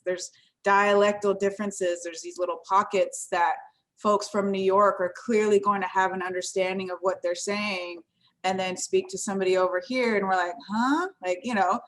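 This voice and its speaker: Woman presenter, lowish pitch, relaxed conversational delivery with many fillers. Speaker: tribal language program presenter. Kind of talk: informal presentation with screen share.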